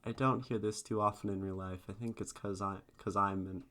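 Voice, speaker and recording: A man's voice: lowish voice, steady tone, a little fast, a bit bright. An American man streaming casually, thinking aloud in a hesitant way with many fillers. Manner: musing, hesitant, lots of fillers.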